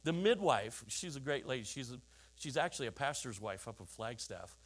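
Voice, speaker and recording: A man's voice: mid-range voice, very animated, normal speed. A middle-aged man preaching a sermon, telling stories with chuckling asides and rhetorical questions to the congregation. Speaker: pastor.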